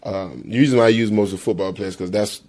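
A man from Florida, a dialect recording subject, reading a passage and then telling animated stories with impressions. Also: on the low side, quick pace. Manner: animated, laughs, does impressions. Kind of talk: read passage then casual storytelling.

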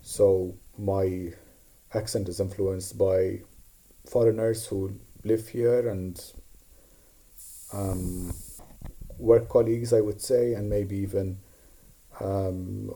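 A man from Malta with a Maltese accent, whose first language is Maltese, reading a passage aloud in a measured, steady way and then talking casually about his languages. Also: low-pitched, low-quality recording. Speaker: dialect archive participant.

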